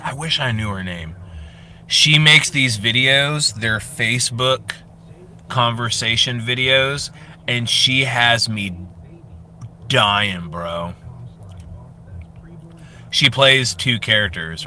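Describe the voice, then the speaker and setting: A man in his thirties from Florida hosts a casual fitness livestream. He tells animated, joking stories and answers the chat in a very bright, sharp voice at an ordinary pitch. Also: slow, pauses often. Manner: animated joking storyteller, reads chat aloud. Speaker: fitness livestream host, former drill sergeant.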